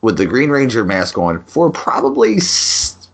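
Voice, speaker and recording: A man's voice: mid-range voice, wildly swooping pitch, a little slow, gravelly, slightly rough. A man co-hosting a podcast, telling laid-back anecdotes with playful swearing. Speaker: podcast co-host. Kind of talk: casual chat, anecdotes.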